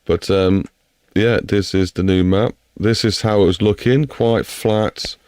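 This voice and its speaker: A man's voice: on the low side, fairly even intonation, measured pace, darkish tone, clean tone, dry recording, clean studio sound. A man with an English accent chatting casually on a live stream while he builds a game map, rambling and talking to himself and to chat.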